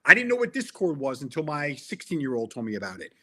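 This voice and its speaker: A man's voice: mid-range voice, wildly swooping pitch, quick pace, sharp tone. A middle-aged man talking in a casual interview as a guest, earnest and emphatic, often restarting his sentences. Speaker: interview guest, tech sales veteran.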